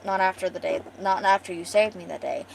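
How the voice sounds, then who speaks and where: A woman voicing a gentle, protective young man in her comic story, speaking softly and reassuringly. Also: fairly low pitch, a little fast, creaky, a little hiss or hum, low-quality recording. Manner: soft reassuring quoted lines.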